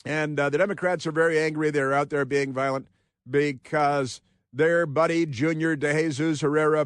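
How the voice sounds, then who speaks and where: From a radio studio, a man hosts a political talk show with a rambling, filler-heavy monologue full of sarcasm and mockery, slipping into high mocking voices when he quotes people. His intonation is fairly even and his pace moderate, with a clean tone. The close studio mic yields studio quality with no room sound.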